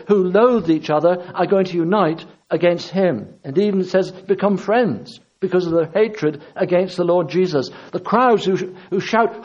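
A man's voice: high-pitched, darkish tone. A man preaching a sermon with impassioned, repetitive emphasis. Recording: dull lo-fi recording.

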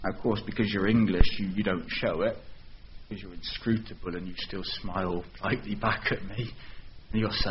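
Man preaching, lowish voice, dramatic and questioning, dull recording with faint hiss. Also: normal speed. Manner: expressive, dramatic storytelling with rhetorical questions. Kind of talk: sermon.

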